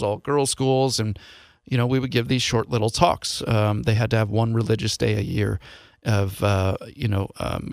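Gravelly-voiced man telling his story. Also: medium pitch, no echo, clean studio sound. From Seattle, USA. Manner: earnest, confessional, voices his past thoughts as quotes. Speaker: podcast host. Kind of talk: personal storytelling monologue.

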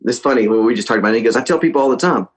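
Animated man telling a story. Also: mid-range voice, very fast, rough recording. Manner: animated storyteller, mimics others in a raised voice. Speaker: guest musician. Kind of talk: casual storytelling interview.

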